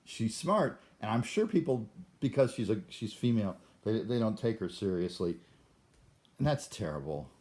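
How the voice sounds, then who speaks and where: Rambling older man, low voice. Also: lively intonation, normal speed, dark tone. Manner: rambling, self-interrupting, stammering restarts. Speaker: vlogger. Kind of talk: rambling monologue.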